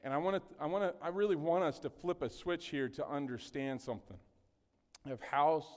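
A man's voice: a little high, fairly quick. A man preaching a casual, joking sermon, often asking the congregation questions. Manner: chatty, jokey, often asks the congregation questions. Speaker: pastor. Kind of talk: conversational sermon. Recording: long hall reverb.

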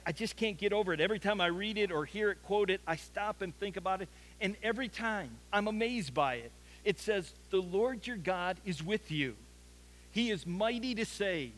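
A man preaching a sermon, telling stories earnestly and often stumbling over restarts as he talks. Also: high voice. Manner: earnest storytelling with frequent stammered restarts. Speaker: pastor.

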